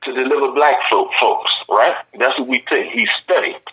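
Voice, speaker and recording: Man, middle pitch, insistent, repeats words, muffled lo-fi phone sound. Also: expressive, normal speed, breathy edge. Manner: insistent, repeats words while building his point. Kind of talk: earnest religious explanation.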